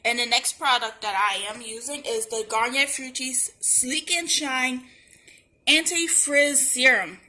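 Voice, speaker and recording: A woman beauty vlogger walks through her hair routine in a relaxed, explanatory voice-over. Her tone is bright and a little high. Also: measured pace. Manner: plain, explanatory, conversational. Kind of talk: step-by-step hair tutorial voice-over.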